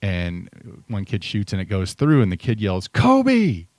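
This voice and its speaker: A middle-aged man talks in a low voice, chatting casually and telling stories. He often trails off and restarts. The sound is dry and close. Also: moderate pace, a little mellow, no room sound. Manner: conversational, storytelling, trails off and restarts. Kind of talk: casual chat.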